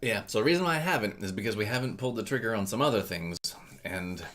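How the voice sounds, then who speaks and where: A man's voice: on the low side, expressive, fast talker, fairly bright tone. A man hosting a casual livestream, friendly and thankful, often stumbling and repeating words. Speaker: streamer host.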